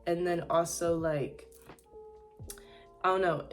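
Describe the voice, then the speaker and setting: A woman's voice: lowish voice, fairly even intonation, slow pace, soft background music. Chatty, sassy young woman vlogger. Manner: chatty and candid, lots of "like" fillers, sassy asides with "honey". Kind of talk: casual chat while getting ready.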